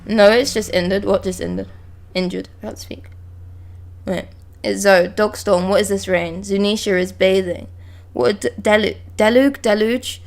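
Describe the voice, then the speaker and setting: A young woman streaming live, reading manga dialogue aloud and breaking off to react with excited exclamations and swearing. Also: mid-range voice, normal speed.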